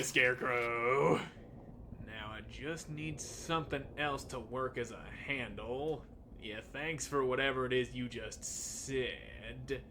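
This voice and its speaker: A man's voice: mid-range voice, bright, forceful tone, a little hiss or hum. A man casually commenting on a video game he plays, sarcastic and swearing often. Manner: sarcastic, swears, reads dialogue aloud. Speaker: let's play host.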